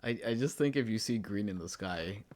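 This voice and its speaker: A man's voice: on the low side, animated, fairly quick. A young man casually chatting and joking while playing a game, swearing now and then. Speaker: let's play co-host. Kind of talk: casual gaming chat. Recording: faint noise and clicks.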